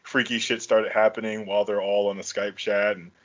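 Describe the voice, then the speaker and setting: A man hosting a podcast in casual chat, talking in a profane, slangy, animated way. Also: on the low side, brisk, highs cut off. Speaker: podcast host.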